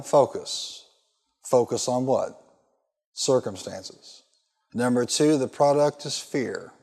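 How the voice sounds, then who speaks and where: A man's voice: mid-range voice, a little mellow. A male pastor preaching a sermon, reading scripture and pressing the congregation with fill-in questions. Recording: long hall reverb.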